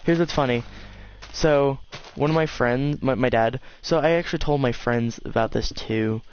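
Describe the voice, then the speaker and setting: A man chatting over his game stream in a mid-pitched voice, joking around and insisting again and again that he is not kidding. The sound is dull and lo-fi, like a headset mic on a voice chat. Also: moderate pace, clean tone. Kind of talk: casual chat over gameplay.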